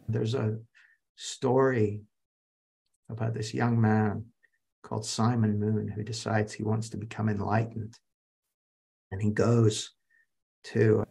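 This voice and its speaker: Gravelly-voiced man telling stories in a masterclass. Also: medium pitch, a little mellow. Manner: anecdotal storyteller, addresses audience directly. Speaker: masterclass speaker. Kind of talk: live online teaching talk.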